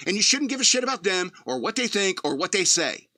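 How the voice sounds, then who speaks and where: A man's voice: sits high, big pitch swings, fairly quick, bright, forceful tone, dry recording. Blunt, sardonic male talk radio host. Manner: blunt, sardonic, profane, laughs at his own jokes. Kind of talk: opinionated commentary reading news aloud.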